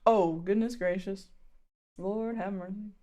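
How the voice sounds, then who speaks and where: A woman's voice: mid-range voice, steady tone, unhurried, dark tone. A woman streaming a game in casual chat, playful and giggly, burping often and saying excuse me. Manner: burps often and says excuse me; giggly, playful, mumbling asides. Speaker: VTuber streamer. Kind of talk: casual live-stream chat while gaming.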